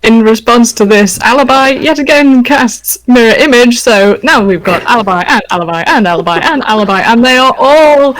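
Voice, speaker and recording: A woman's voice: on the high side, normal speed, few pauses, a bit bright, low-quality recording. A woman playing in a tabletop game, describing her character's moves in a playful way. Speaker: player. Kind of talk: tabletop role-play.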